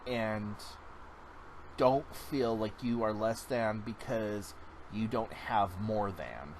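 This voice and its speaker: A man's voice: on the low side, slow, darkish tone, slight background noise. A man hosting his own podcast, talking in an earnest, heartfelt, rambling casual monologue. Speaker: podcast host.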